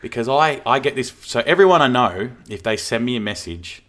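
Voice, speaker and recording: A man's voice: mid-range voice, expressive, a little fast, fairly bright tone. A man hosting a casual podcast, teasing his co-host as he leads the topic. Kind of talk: casual pub-style podcast chat.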